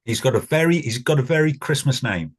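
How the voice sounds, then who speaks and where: A man's voice: mid-range voice, lively intonation, a little fast. A man on a video call in a casual quiz chat, asking and answering trivia with a dry, wry humor. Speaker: quiz co-host.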